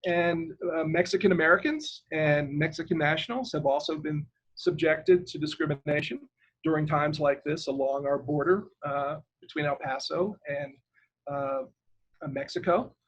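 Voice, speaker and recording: An older man from Ireland speaks as an interview guest in a rambling, hesitant way, stopping now and then to spell out a name. His voice sits a little high for a man and has a husky edge. The sound is dull and lo-fi, like an ordinary video call. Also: moderate pace. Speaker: guest, retired government lawyer.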